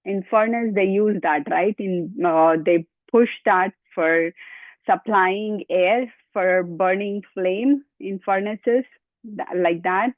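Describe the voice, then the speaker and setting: A woman's voice: medium pitch, takes it slowly, no room sound. A woman leading a yoga lesson, counting out repetitions and giving step-by-step cues, sometimes out of breath. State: out of breath at times. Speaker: yoga instructor. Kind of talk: guided exercise instruction. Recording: tinny phone-like dry sound.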